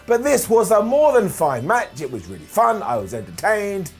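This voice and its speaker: A man's voice: sits high, big pitch swings, normal speed. A man giving a sarcastic, jokey recap of a wrestling show, slipping into mocking voices as he goes. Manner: sarcastic, jokey, mimics people in funny voices. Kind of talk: comedic recap commentary. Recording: light background music.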